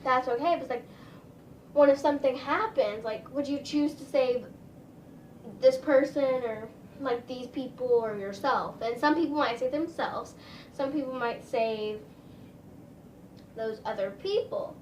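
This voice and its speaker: A woman's voice: high voice, unhurried, darkish tone, reverberant, distant mic, a little hiss or hum, low-quality recording. A woman vlogger telling a casual storytime, rambling, with lots of "like" and "um". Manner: chatty, rambling, full of "like" and "um".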